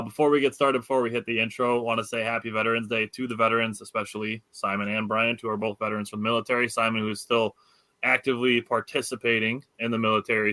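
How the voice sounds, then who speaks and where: A man with a Wisconsin accent hosts a casual sports podcast, talking loosely and enthusiastically with lots of fillers. His voice is on the low side and bright, with a forceful tone, in a dry recording.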